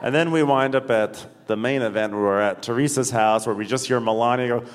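A man at a middle pitch, narrating the recap with dry, wry humor. The sound carries a long hall reverb from a live stage and faint room noise. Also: a little fast. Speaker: podcast co-host. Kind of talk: comedic recap chat.

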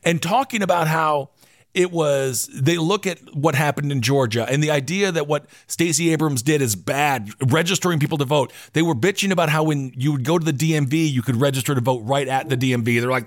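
Animated man hosting a podcast. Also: on the high side, a little fast, dry recording, clean studio sound. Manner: animated, swears freely. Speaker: podcast host. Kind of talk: casual political chat.

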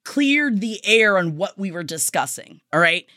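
Animated chatty woman host, dry close sound. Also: medium pitch, measured pace, dry recording. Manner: animated, rambling storyteller. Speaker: podcast host. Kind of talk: casual chat.

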